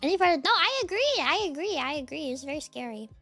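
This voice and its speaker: A woman's voice: high voice, fast, soft background music. A young woman streamer chatting casually with her viewers, rambling with lots of filler words. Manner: rambling, many "like" fillers, lively swings. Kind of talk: casual chat with chat readers.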